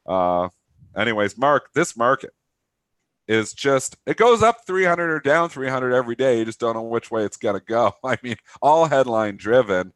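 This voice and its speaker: A man in his thirties with a cold, co-hosting a live trading show in animated, rapid chat. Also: mid-range voice, no echo. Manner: animated, rapid trader talk. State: stuffy from a cold. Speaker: co-host of a trading talk show. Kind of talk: casual live market chat.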